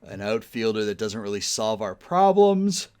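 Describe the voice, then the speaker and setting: Low-voiced man musing through a sports sim. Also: sing-song, normal speed, darkish tone, clear, resonant tone. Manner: thinking aloud, sleepy, yawning often; mutters trade talk to the game's teams. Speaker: gaming YouTuber playing a baseball management sim. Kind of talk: casual let's-play commentary.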